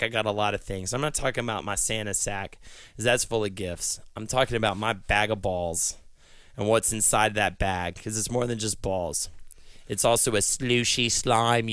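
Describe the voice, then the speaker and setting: A man delivering a rambling, profane comedy monologue, a podcast co-host who swings from low mutters to shouted rhyming rants. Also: no room sound. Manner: crude, profane stream-of-consciousness ranting; drops low and gravelly, then shouts and chants in rhymes.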